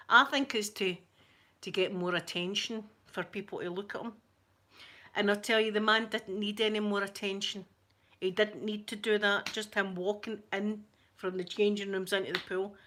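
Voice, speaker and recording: A woman's voice: medium pitch, fairly bright tone. A Scottish woman telling a story to her viewers, chatty and rambling, with many stammering restarts. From Scotland. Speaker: channel host.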